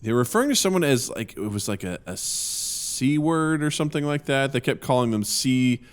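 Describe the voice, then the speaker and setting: A man with a Missouri accent co-hosting a podcast, telling animated stories and laughing often. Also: medium pitch, fairly quick, smooth. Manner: animated storyteller, laughs often, acts out quotes. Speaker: podcast co-host. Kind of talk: casual chat.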